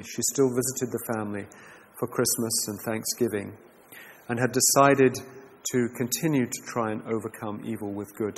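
Man leading a class discussion, earnest and measured, mid-pitched voice, roomy hall with faint background noise. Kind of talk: reflective talk, reading a letter aloud.

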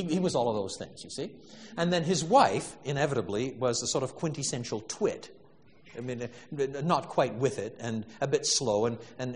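A man giving an animated storytelling lecture, full of restarts and stammers, building to laughing emphasis. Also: medium pitch, big-room sound, a little hiss or hum.

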